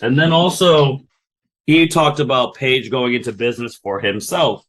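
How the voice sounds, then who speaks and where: A man's voice: medium pitch, moderate pace. A man hosting a podcast in casual chat, rambling along with lots of fillers. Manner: rambling, filler-heavy, relaxed. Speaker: podcast host.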